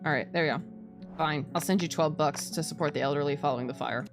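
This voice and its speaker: Sitting low in pitch and talking fast, this woman streams as a VTuber, giving casual commentary as she plays over background music. She often starts her sentences over and laughs a lot.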